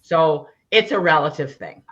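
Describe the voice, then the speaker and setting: A woman's voice: sits low, animated, normal speed, a bit bright, highs cut off. A woman on a political panel, patiently explaining parliamentary procedure.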